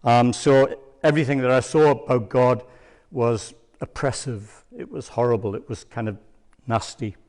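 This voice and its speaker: An older man giving a church testimony as a rambling, hesitant storyteller with many pauses and ums. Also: medium pitch, fairly even intonation, a little mellow. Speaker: church speaker. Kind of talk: sermon testimony.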